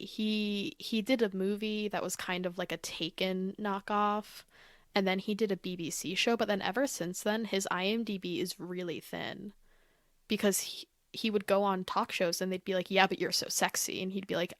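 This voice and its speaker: A woman talking as a podcast guest in a casual chat, animated and opinionated, with lots of "like". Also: medium pitch, no room sound. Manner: animated, opinionated, heavy use of "like".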